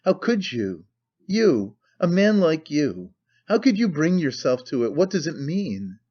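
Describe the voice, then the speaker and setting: A man's voice: a little high, lively intonation, unhurried, mellow. A man voicing a timid, devout young woman who asks bewildered, pleading questions, in a slightly muffled recording.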